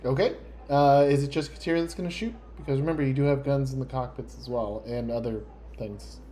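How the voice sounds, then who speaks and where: A man running a tabletop role-playing game, easygoing and quick to laugh. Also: medium pitch, dark tone. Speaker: game master.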